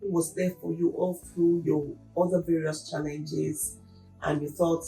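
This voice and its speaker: A sympathetic woman interviewer offers soft, affirming replies. Her voice sits slightly low. She sounds distant and roomy, with a faint bed of music behind her. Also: level tone, unhurried, creaky. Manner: sympathetic, quiet affirming responses. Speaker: interviewer, host.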